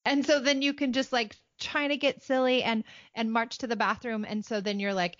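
A woman's voice: sits high, normal speed, hardly any pauses, fairly bright tone, dry recording. A woman in her forties gives parenting advice in an easygoing, chatty tone. She slips into goofy, playful voices now and then to show what a parent might say. The sound is dry and close, with a slightly dull, lo-fi edge. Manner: acts out playful silly voices when quoting parents. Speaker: parenting podcast host. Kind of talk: casual conversational advice.

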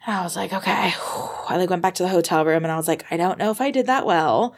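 A young American woman, a podcast guest, telling her story in a lively conversational way, full of "like" and acted-out moments. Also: fairly low pitch, quick pace. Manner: animated, reenacts moments with fillers like "like".

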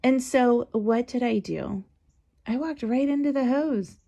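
A woman's voice: on the high side, normal speed, creaky, a little mellow. A woman hosting a podcast, telling a chatty, reassuring story about her own experience. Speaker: podcast host.

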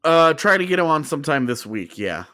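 A man's voice: on the high side, very animated, bright, forceful tone, no echo, studio quality. Rambling male hockey podcast co-host. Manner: rambling, self-interrupting, quick laughs. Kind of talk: casual sports chat.

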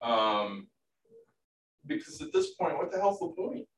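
Coach guy talking baseball stories, voice jumps around a lot, a bit high, far from the mic. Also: unhurried. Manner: animated, storytelling, casual swearing. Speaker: baseball coach, podcast co-host. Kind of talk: casual chat. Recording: roomy, distant from the mic.

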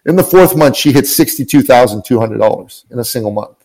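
A man's voice: medium pitch, animated, brisk, a little mellow, low-quality recording. A man guest, a business coach, speaking earnestly and emphatically, often repeating his phrases as he tells an inspirational story.

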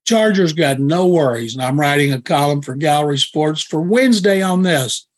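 Blunt, opinionated man, fairly high-voiced. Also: lively intonation, normal speed. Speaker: football analyst guest and columnist. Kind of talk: sports talk radio discussion.

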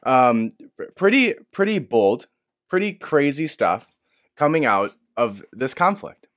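Brief: male commentator, lively pitch, casual and profane, hushed then loud. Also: takes it slowly.

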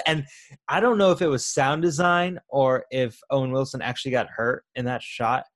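A man's voice: mid-range voice, no room sound, clean studio sound. A man co-hosting a casual podcast, enthusiastic as he retells favorite scenes. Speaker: podcast co-host. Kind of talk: casual film discussion.

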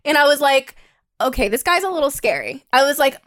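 A young woman with a fairly high voice tells a dating story in casual chat. She keeps it animated and throws herself into the quoted lines. The sound is close and dry. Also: fairly quick, dry recording. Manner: animated, acts out quotes with a higher pitch, swears, laughs.

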